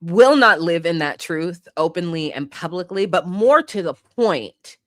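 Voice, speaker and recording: A woman's voice: lowish voice, expressive, unhurried, dry recording, clean studio sound. A woman hosting a podcast, ranting about politics in a heated, profane way and sometimes laughing at herself. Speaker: podcast host.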